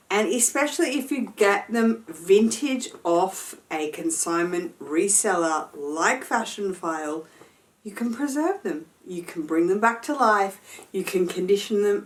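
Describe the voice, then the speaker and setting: A woman fashion vlogger giving a chatty, enthusiastic sponsored product review, full of playful slang. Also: fairly low pitch.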